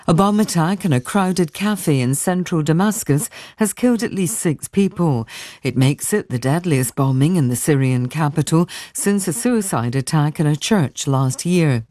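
Low, mellow-voiced female newsreader. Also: no room sound, clean studio sound. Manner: measured, formal. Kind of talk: news bulletin.

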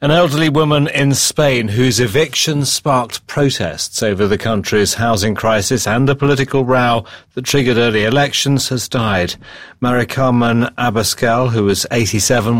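A man hosting a news program, introducing stories and reports in a clear, formal way. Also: medium pitch, no room sound. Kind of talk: scripted news presenting. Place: studio.

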